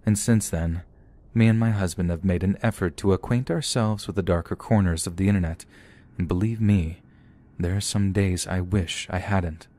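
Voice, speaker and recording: A man narrating scary true stories in a steady, scripted storytelling manner. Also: sits low, normal speed.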